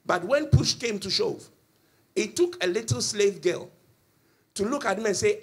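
A male pastor preaching a passionate sermon in church, swinging between loud and soft as he tells the story. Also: high voice, animated, a little slow, pauses often, breathy edge. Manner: impassioned storytelling with swings in volume.

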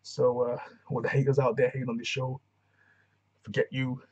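A man's voice: mid-range voice, completely flat delivery, normal speed, a little mellow, dull audio. A man giving a casual, rambling recap of a TV episode, full of slang and restarts. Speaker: TV reviewer.

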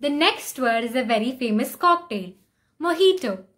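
Woman teaching pronunciation, slightly high voice. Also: lively intonation, fairly bright tone. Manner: slow, deliberate repetition of example words. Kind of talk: explaining and modeling word pronunciations.

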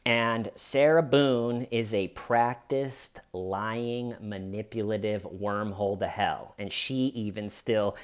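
Man with a smooth, resonant voice. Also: on the low side, slow pace, few pauses. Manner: sarcastic, animated storytelling with jabs. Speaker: true-crime commentary host. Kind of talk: comedic true-crime commentary.

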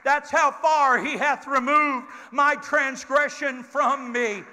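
Older male preacher, bright piercing high voice, slow delivery, hall echo with faint congregation, call-and-response. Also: fairly even intonation. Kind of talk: Pentecostal sermon. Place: church sanctuary. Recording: church hall reverb with congregation.

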